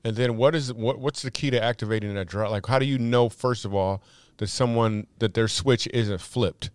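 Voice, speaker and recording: A man's voice: medium pitch, normal speed, darkish tone, clean tone, dry recording. A man co-hosting a podcast in casual, joking banter with his co-host and a guest.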